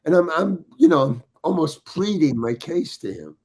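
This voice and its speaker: An older man, a podcast guest, telling a long anecdote in a halting way, restarting his sentences and acting out the dialogue. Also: a little high, lively intonation, darkish tone. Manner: halting, many restarts, acts out quoted dialogue. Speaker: guest storyteller.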